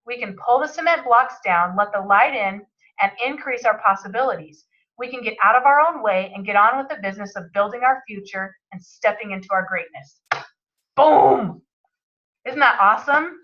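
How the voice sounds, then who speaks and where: A woman's voice: on the high side, fairly bright tone. A woman co-hosting an online book club, summing up a chapter in an upbeat, emphatic, motivational way. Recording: muffled, lo-fi audio.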